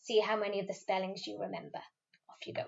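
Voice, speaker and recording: A woman teacher giving a recorded French lesson, patiently modelling words slowly for pupils to repeat. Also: mid-range voice, completely flat delivery, gravelly. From Wales. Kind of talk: recorded classroom video lesson. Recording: slightly dull, lo-fi recording.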